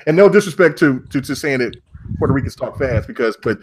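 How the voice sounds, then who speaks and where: A man hosting a casual gaming podcast panel, loud and joking, with swearing. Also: mid-range voice, lively intonation, fast talker, a little hiss or hum. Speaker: podcast host.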